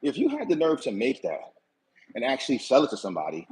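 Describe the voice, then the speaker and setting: A man's voice: mid-range voice, huge pitch swings, quick pace, a little mellow, low-quality recording. A man hosting his own channel tells a casual, aggrieved story. He is slangy, repeats himself and keeps asking "you know what I'm saying.". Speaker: channel host.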